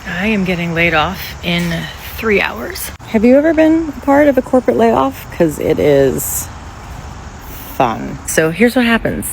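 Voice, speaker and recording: A laid-off office worker vlogs in a loose, rambling way, swearing freely as worry runs through the talk. The voice sits at a middling pitch and keeps an anxious edge. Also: very animated, a little slow, gravelly, slight background noise, rough recording. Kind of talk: casual selfie vlog.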